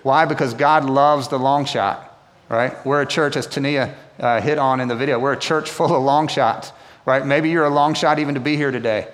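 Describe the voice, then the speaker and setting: A man's voice: mid-range voice, steady tone, normal speed, a bit bright, long reverb tail. A male pastor preaching a sermon in a conversational way, often checking in with the congregation. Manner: conversational, asks the room "right?" often. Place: church auditorium.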